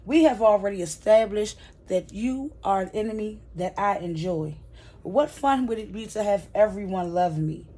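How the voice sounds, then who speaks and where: A woman voicing a scheming woman club owner in a mocking, drawn-out way. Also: mid-range voice, mellow, lightly acted. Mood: smug.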